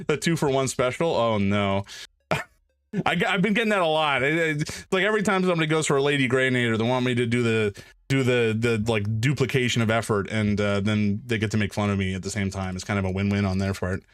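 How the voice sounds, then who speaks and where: A man streaming live, chatting casually while he draws, rambling and self-mocking with sudden loud exclamations. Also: mid-range voice, a little fast, clean tone, no room sound, soft background music.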